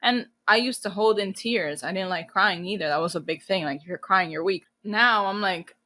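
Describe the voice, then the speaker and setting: A woman's voice: medium pitch, moderate pace. A woman in her thirties from New Jersey, a guest on a podcast, talking candidly and bluntly with plenty of swearing and a few Spanish phrases. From New Jersey, USA. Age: 30s. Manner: blunt, profane and animated. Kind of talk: casual candid interview talk.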